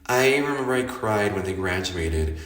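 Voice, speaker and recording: A man's voice: lowish voice, normal speed. A man from Chicago with a Chicago accent, talking casually and expressively about his life, laughing often and acting out what he said. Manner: chatty and expressive, laughs often, theatrical quoted asides. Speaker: podcast host. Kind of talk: casual personal monologue. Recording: roomy echo, somewhat distant from the mic.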